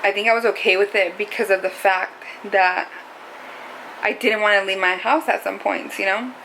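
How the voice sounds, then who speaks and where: This vlogger, a young adult woman, speaks confessionally and casually to camera, rambling with lots of "like." The recording is rough with slight background noise; her mid-range voice is a bit bright, fairly even in intonation, and moderately paced.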